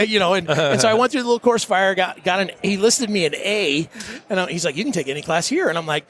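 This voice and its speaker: A man's voice: high voice, fairly quick, fairly bright tone. A middle-aged man on a podcast, telling a self-deprecating story with lots of restarts and nervous laughs. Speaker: podcast guest. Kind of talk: casual storytelling.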